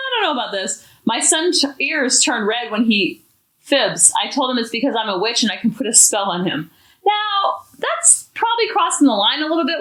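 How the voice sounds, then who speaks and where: A woman hosting a parenting podcast, talking in a chatty, animated, expressive way. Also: fairly high pitch. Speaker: podcast host. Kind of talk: casual parenting talk. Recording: echoey room.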